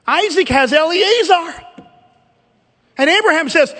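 Male pastor, high-pitched, lively humorous preaching style, recorded with hall reverb. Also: normal speed, faint music behind. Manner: animated preaching with humor and emphatic repetition. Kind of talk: sermon.

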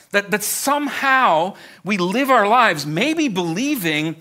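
A man's voice: sits high, bright, forceful tone. A man preaching a sermon to a live congregation. He talks in a conversational way, speaks to them directly and often repeats words as he starts a thought. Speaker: pastor.

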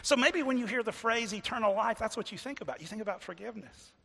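A man preaching a sermon in earnest, often repeating words and slowing down to stress a point. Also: high voice, vocal fry, pushed and bright, slightly rough, in a large hall. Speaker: pastor.

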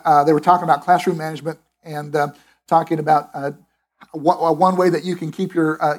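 Husky-voiced man preaching conversationally. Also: on the high side. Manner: conversational, emphatic, with restarts and asides. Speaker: pastor. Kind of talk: sermon.

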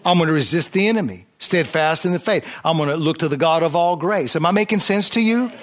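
A man preaching a sermon, fervent, with call-and-response and swings between loud emphasis and quiet intensity. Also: on the high side, animated, fast.

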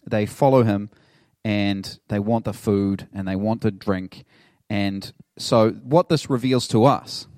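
Chatty pastor preaching. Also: male voice, mid-range voice, dry recording, studio quality. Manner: conversational, animated storytelling with laughs. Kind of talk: sermon.

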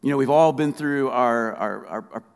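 A man preaching a sermon, conversational and humorous, reading scripture aloud slowly. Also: medium pitch, vocal fry, smooth, in a large hall. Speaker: pastor.

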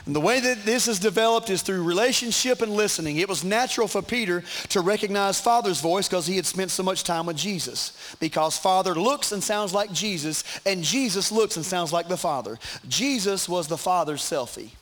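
A man's voice: high-pitched, normal speed, few pauses, a bit bright. A man preaching a sermon to his congregation in church, emphatic and repetitive, with asides to the crowd. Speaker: pastor.

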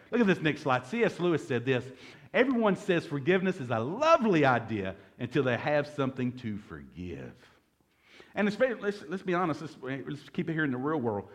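A man preaches a sermon as pastor. His pitch swings widely, and his tone is casual and joking as he asks the congregation for responses. He sits in the middle range for a man's voice. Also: big pitch swings, fairly quick. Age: 40s. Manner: conversational, joking, calls for audience response.

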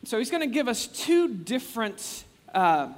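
Male pastor, high-pitched, conversational sermon, long hall reverb. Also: unhurried. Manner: animated, chatty, acts out quotes with frequent restarts.

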